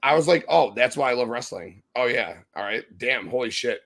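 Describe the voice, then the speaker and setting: A man's voice: medium pitch, lively intonation, normal speed, fairly bright tone. A man co-hosting a podcast, delivering a heated, profane wrestling review rant. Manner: profane, impassioned, ranting. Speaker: podcast co-host.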